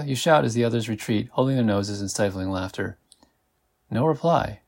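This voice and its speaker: A man hosting a podcast, reading an interactive adventure story aloud in a measured way and slowing down when he speaks to the listener. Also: medium pitch, big pitch swings, vocal fry, darkish tone. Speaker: podcast host.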